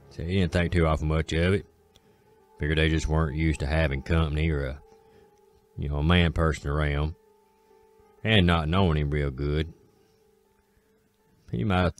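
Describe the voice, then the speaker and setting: A man with an Appalachian accent telling a folk tale in a slow, drawling way, with dramatic pauses. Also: rumbling low, fairly even intonation. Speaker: storyteller. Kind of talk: folksy spoken storytelling.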